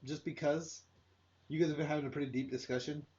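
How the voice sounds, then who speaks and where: Fast-talking man hosting a podcast. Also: on the high side, steady tone, lo-fi sound, a crowd in the background. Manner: fast, stammering restarts, swearing. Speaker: podcast host. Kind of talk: casual podcast chat.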